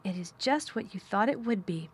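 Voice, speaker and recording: A frail, sickly young boy from a storybook, quick to excitement and eager outbursts, as a woman reads him aloud. His voice lifts a little above an ordinary reading voice. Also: medium pitch, slightly rough.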